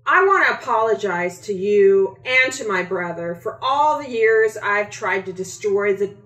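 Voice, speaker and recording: A woman voicing Santa's younger sister, a gruff figure who turns remorseful, in a storybook reading. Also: mid-range voice, lively intonation, a little slow, fairly bright tone, recorded from a distance. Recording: echoey room.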